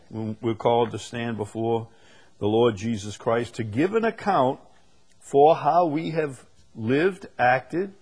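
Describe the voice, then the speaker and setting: A man preaching a sermon, reading scripture slowly and building to sudden emphatic rises on key words. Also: mid-range voice, a little mellow. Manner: slow deliberate delivery with sudden emphatic rises; reads scripture aloud in slow stretched phrases.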